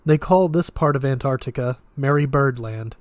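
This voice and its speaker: A man voicing a sardonic male magic professor who speaks in a flat, lecturing way with a Russian accent. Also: mid-range voice, normal speed, no echo, lightly acted.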